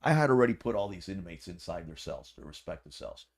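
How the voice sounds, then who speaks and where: A man telling a story in a low voice with a gravelly, fry-laden edge. He is a podcast guest and former corrections officer. His talk is animated, slangy and full of swearing. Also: fast talker. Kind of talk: casual storytelling.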